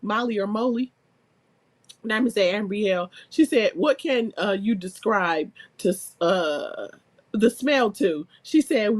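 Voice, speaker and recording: A woman's voice: a little high, slow. Laughing woman reading chat aloud. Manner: laughs constantly, reads comments aloud, animated. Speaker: host reading out chat comments. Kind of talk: casual live-stream chat.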